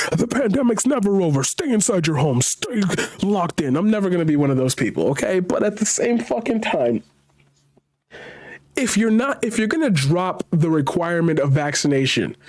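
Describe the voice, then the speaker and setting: A man with a high voice does reaction commentary on a news story. He races through the quoted lines. Then he rants slowly and loudly, swears, and repeats the same phrases over and over. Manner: rapid when reading, slow and emphatic when ranting. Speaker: commentary streamer.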